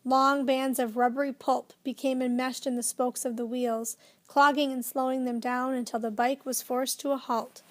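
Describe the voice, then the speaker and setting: A woman narrating a children's storybook with a lively, expressive reading. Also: sits high, normal speed, few pauses. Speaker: audiobook narrator.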